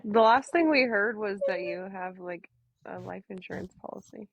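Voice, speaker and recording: A woman's voice: medium pitch, normal speed, gravelly, muffled recording, slight background noise. A woman in a casual livestream group chat, blunt and teasing, speaking over a video call. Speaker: livestream participant.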